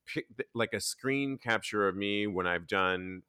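A man's voice: lowish voice, a little slow, smooth, dry recording, studio quality. A man hosting a casual podcast chat, telling stories with acted-out quotes and plenty of swearing. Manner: animated storyteller, acts out quotes, swears freely. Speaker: podcast host.

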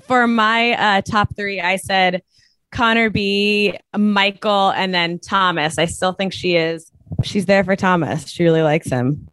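A woman's voice: mid-range voice, unhurried, a bit bright, clear, resonant tone, dry recording. A woman co-hosting a reality-TV recap podcast, chatting breezily with slangy reactions. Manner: breezy, slangy reactions, talks herself through second thoughts. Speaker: podcast co-host. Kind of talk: casual chat.

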